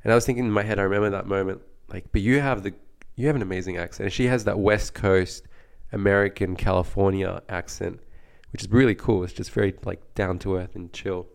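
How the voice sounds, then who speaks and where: Young aussie guy podcasting, deep and gravelly but smooth, lots of likes. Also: steady tone, fairly quick. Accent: neutral Australian. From Australia. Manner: rambling, frequent "like" fillers. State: recovering from the flu. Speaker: podcast co-host. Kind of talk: casual chat.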